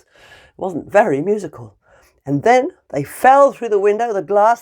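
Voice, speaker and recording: A woman teacher tells a fairy tale to young children in an animated, playful way. Her pitch swings widely as she acts out the scenes and the animal noises. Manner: animated and playful, with sound effects.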